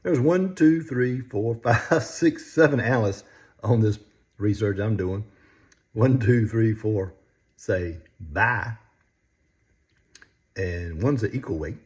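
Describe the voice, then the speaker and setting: A man's voice: on the low side, lively intonation, takes it slowly, pauses often, a little mellow. Older guy chatting stocks, folksy, lots of chuckles, voice swinging up and down. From North Carolina, US. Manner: folksy, chuckles often between phrases. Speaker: stock market vlogger. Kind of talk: casual stock chat.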